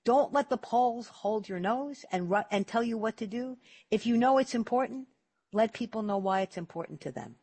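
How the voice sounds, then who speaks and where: An older woman hosting a radio talk show, telling stories in a lively, emphatic way with repeated words. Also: fairly high pitch, moderate pace, slightly rough. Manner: animated storytelling, emphatic repetitions. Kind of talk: casual talk radio chat.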